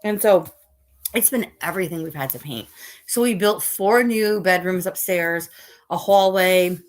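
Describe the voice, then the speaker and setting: A tired woman in middle age, chatting casually on a live stream with a rather low voice. She rambles from topic to topic and stops to answer the chat. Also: measured pace. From Northeast United States. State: tired, yawning. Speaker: livestream host.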